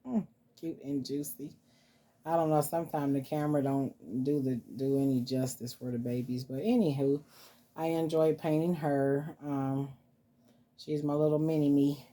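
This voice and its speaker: A woman's voice: low-pitched, steady tone, normal speed, dark tone. A woman vlogger chatting casually and cooing to her dolls as she shows them off. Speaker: vlogger showing reborn dolls. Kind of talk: casual vlog chat.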